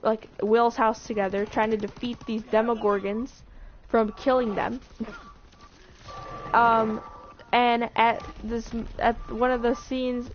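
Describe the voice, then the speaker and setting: A young woman in casual chat, recapping a TV show in a rambling way with lots of "like" and restarts. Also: a little high. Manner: rambling, full of "like" and restarts, breaks into acted quotes. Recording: dull lo-fi recording with faint noise.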